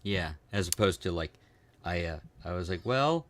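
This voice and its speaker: A man's voice: sits low, steady tone, moderate pace, a little hiss or hum. A man co-hosting a casual comedy podcast, laid-back and swearing, laughing often. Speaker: podcast co-host.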